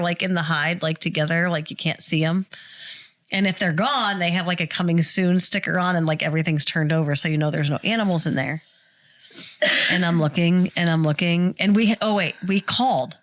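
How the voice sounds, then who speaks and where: A woman's voice: lowish voice, fairly quick. A middle-aged woman on a podcast, casually telling a family story and acting out the voices she quotes. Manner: animated retelling, acts out quoted voices. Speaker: podcast co-host.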